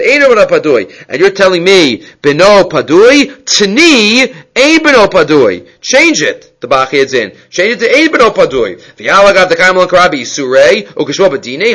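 A man's voice: sits high, fairly bright tone. A man teaching a Talmud class, explaining the text step by step, asking rhetorical questions and often restarting phrases. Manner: explains text step by step, mixing Hebrew-Aramaic terms into English.

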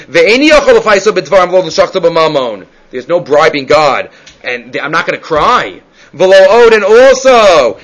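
High-voiced man teaching Talmud. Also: fairly bright tone, poor audio. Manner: reads each Hebrew and Aramaic phrase, then translates it in casual English. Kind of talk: Gemara class, translating and explaining.

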